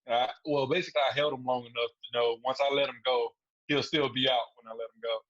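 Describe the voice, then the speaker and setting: Male guest, relaxed storyteller, chuckles often, muffled podcast audio. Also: mid-range voice, quick pace. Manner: laid-back, laughs through his stories. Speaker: guest fighter. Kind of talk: casual storytelling interview.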